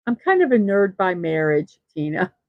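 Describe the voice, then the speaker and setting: A woman's voice: on the low side, big pitch swings, normal speed, dry recording, phone-quality sound. A woman hosting a daily morning show, chatting casually and reading off birthday lists with self-deprecating asides. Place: East Coast of the United States.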